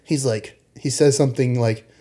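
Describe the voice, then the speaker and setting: A man co-hosting a podcast, giving an animated, critical take on a film in casual chat. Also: medium pitch. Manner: animated, critical, acts out quick quotes. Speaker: podcast co-host.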